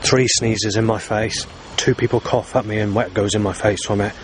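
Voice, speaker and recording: A man's voice: on the low side, steady tone, normal speed. A man recording a rambling spoken diary outdoors in town, agitated and swearing heavily. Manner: agitated, heavy swearing, bursts of anger. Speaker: vlogger recording his day. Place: outdoors in town, at streets, stations and bus stops. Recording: outdoor street noise and passing vehicles.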